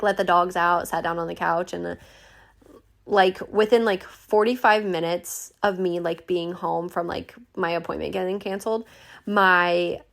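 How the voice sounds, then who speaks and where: A young woman podcast host with a lowish voice and vocal fry tells a story in a casual, chatty manner. She swears freely, fills her speech with lots of "like," and acts out quoted voices.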